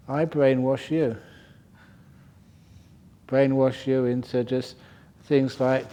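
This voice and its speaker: An older man gives a Dharma talk to a retreat group. He tells stories with a light, joking touch and often breaks into chuckles. His voice sits at a moderate pitch. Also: dark tone. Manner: humorous storytelling, chuckles often. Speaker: meditation teacher. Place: retreat centre hall.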